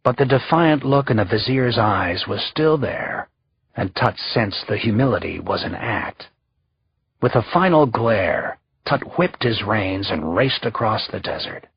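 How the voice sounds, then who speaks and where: A man reading a historical thriller audiobook in a steady, measured narration. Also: on the low side, gravelly, husky, lo-fi sound. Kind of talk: scripted narration.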